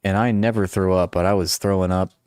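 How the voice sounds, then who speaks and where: A man's voice: sits low, fairly even intonation, brisk, darkish tone, clear, resonant tone, no echo, studio quality. A man in his forties chatting casually on a livestream, rambling and self-deprecating with many restarts. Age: 40s. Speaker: livestream host. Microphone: noise-canceling headphones.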